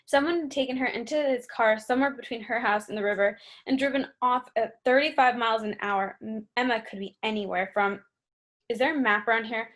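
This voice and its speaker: Higher-voiced woman narrating an audiobook. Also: fairly quick, a bit bright. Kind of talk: scripted narration.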